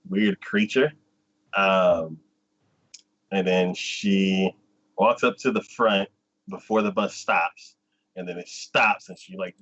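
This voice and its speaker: A man's voice: low voice, fairly bright tone, highs cut off. A man co-hosting a casual chat, recapping a plot in a rambling way full of "like" and "um". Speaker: co-host.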